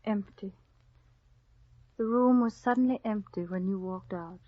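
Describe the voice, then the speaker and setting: An actress playing a spirited young woman who speaks in a gentle, sympathetic way, in 1940s radio acting on a dull old radio broadcast. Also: mid-range voice, a little slow, no echo, lightly acted. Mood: tender. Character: spirited young woman, comforting her sister.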